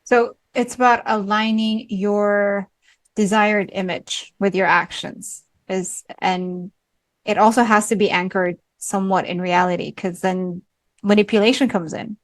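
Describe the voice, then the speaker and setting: A woman's voice: mid-range voice, steady tone, unhurried, no room sound. A woman hosting a podcast, asking thoughtful questions and correcting herself as she goes. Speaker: podcast host.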